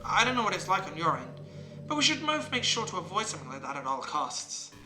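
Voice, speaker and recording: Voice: mid-range voice, very animated, fast, close to an everyday voice. A streamer reading aloud the lines of an affectionate teenage girl club president from a visual novel, in a plain half-amused delivery. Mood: tender. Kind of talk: reading game dialogue aloud. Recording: roomy with game music behind.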